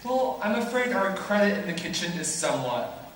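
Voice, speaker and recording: Guy doing a stiff pompous servant, clipped and formal, lively pitch, echoey hall far off w/ hiss. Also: moderate pace. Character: pompous dry male college servant. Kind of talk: stage play acting. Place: school stage in a large hall.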